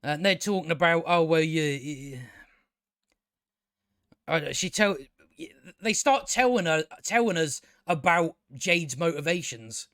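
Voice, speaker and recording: A man rambles through a TV review in a slightly higher than usual voice, recorded dry and close. He trips over his words and restarts often, and he swears freely as his exasperation spills into a rant. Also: lively intonation, moderate pace, fairly bright tone, no room sound. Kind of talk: casual spoken review.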